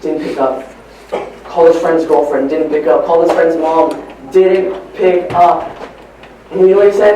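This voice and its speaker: A man's voice: high voice, little pitch movement, a little fast, slight background noise. Man speaking in an echoey hall. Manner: storytelling, swings between hushed and emphatic. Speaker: motivational speaker. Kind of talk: motivational training talk. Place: large hall at a live training event. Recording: echoey live hall recording from far off.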